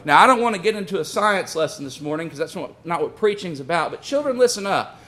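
Man, pastor, high voice, sermon, folksy storytelling, emphatic. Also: lively intonation, quick pace, bright, forceful tone. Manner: folksy storytelling, addresses the congregation as friends.

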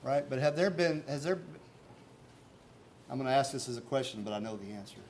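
A man's voice: mid-range voice, expressive, brisk, darkish tone, slight background noise. A man preaching a sermon as pastor, talking earnestly and conversationally and asking his listeners rhetorical questions.

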